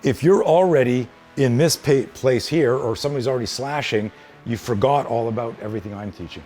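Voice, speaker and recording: A man's voice: mid-range voice, fairly quick, a little mellow, soft background music. A man teaching self-defense in a hands-on demonstration, blunt and emphatic with plenty of swearing.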